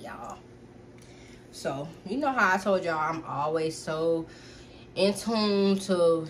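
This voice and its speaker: A woman's voice: lowish voice, noisy background. A young woman vlogger telling a personal story to her viewers in a candid, casual and profane way.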